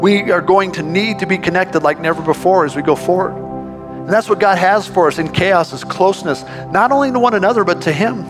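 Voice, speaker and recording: Male pastor, fairly high voice, lively conversational sermon, soft music underneath. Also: brisk. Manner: conversational, animated preaching with restarts.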